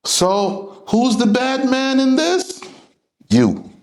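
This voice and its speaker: A man's voice: very high-pitched, wildly swooping pitch, drawn-out words. A man teaching a religious class in an emphatic, confrontational lecturing manner.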